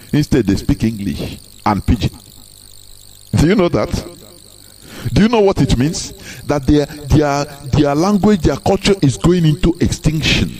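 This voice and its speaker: A man's voice: mid-range voice, a little mellow, a little hiss or hum. A man with a Nigerian Igbo accent giving a live broadcast speech, emphatic and full of repeated rhetorical questions. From southeastern Nigeria. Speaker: activist broadcaster.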